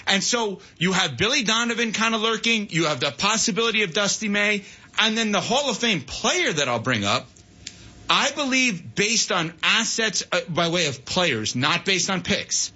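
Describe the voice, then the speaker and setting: A man hosting sports talk radio, out of breath and husky, giving animated, opinionated analysis. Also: high-pitched, normal speed, lo-fi sound.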